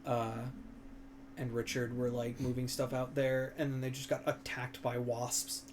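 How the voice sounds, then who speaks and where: A man's voice: medium pitch, flat delivery, a little slow, noisy background. A young man chatting casually as a stream co-host, telling long rambling stories full of fillers and crude words. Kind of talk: casual chat.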